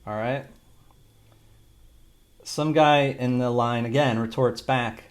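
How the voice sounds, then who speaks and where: A man's voice: medium pitch, fairly even intonation, takes it slowly, pauses often. A man talking through a screen-recorded tutorial, rambling and thinking aloud with casual swearing. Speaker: video creator demonstrating an AI video tool.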